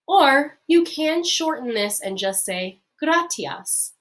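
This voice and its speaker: A woman teacher explaining a lesson in a friendly, upbeat way, with many fillers, who repeats key phrases slowly. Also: sits high, lively intonation, fairly bright tone. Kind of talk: recorded lesson.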